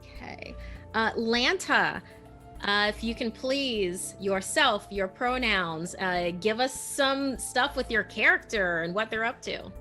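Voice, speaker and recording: A woman's voice: on the high side, slow pace, sharp tone, soft background music. A woman running a tabletop role-playing game, asking players to introduce themselves with frequent fillers. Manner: friendly, prompting players with questions, filler-heavy. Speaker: game master.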